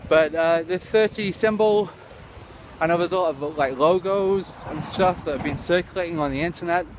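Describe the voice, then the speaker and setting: A man ranting in a rambling, sweary, deadpan way as a comic monologue to camera. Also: on the high side, normal speed. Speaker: comedy vlogger. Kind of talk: absurd comic rant to camera. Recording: clear traffic noise outdoors.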